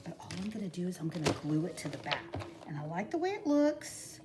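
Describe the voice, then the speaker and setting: A woman's voice: lowish voice, sing-song, fairly quick, very noisy. A middle-aged woman chatting folksily through a craft tutorial, talking to her viewers as y'all. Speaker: crafting vlogger. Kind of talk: casual craft tutorial chat.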